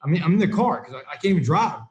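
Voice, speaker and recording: A man's voice: fairly high pitch, lively intonation, very fast, lo-fi sound. A middle-aged man telling his recovery story to a group, earnest and plain-spoken, acting out the conversations he recalls. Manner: earnest storytelling, acts out quoted dialogue. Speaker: recovery speaker. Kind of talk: personal recovery talk to a group.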